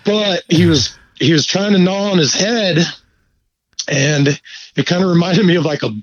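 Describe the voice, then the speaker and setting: A man telling a fishing story in a laid-back, profane, animated way during a casual chat. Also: high-pitched, normal speed, no room sound, lo-fi sound. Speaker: guest angler.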